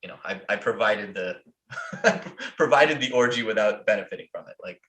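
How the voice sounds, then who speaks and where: A man's voice: lowish voice, animated, moderate pace, sharp tone. Profane, rambling American man. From United States. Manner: profane, rambling, heavy on fillers. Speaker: podcast host. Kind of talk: casual storytelling. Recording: roomy echo.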